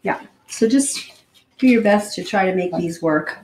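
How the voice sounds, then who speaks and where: A woman hosts a live cooking demonstration, chatty and a little rushed as she thinks aloud between steps. Her voice sits at a middle pitch and carries through a roomy home kitchen. Pots, cutlery and dishes clatter clearly behind her. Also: animated, noisy background. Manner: hurried, chatty, thinks out loud. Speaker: cooking show host.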